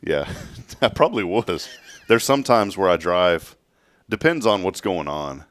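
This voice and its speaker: A man's voice: deep voice, big pitch swings, a little slow. A man hosting a morning show, chatting casually, joking and rambling with frequent restarts. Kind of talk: casual chat.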